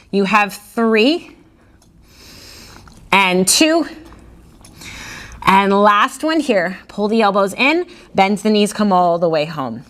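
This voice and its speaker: A woman's voice: medium pitch, a bit bright. A woman leading a Pilates reformer workout, calling breaths and counts in an encouraging way, sometimes out of breath. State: out of breath at times. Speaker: Pilates instructor. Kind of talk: guided workout instruction.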